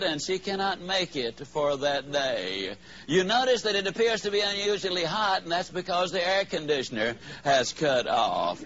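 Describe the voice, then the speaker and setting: A man giving a motivational speech to a live audience, telling a story with drawn-out, emphatic punchlines. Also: high voice, bright, forceful tone. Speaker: motivational speaker. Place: in front of an audience. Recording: slightly dull, faint background hiss.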